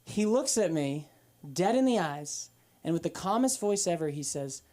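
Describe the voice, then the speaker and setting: Stand-up woman, twenties, crude and animated, with a voice that swoops all over. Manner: profane, animated storytelling with quick pitch jumps. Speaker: stand-up comic. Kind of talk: open-mic stand-up set. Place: comedy club stage.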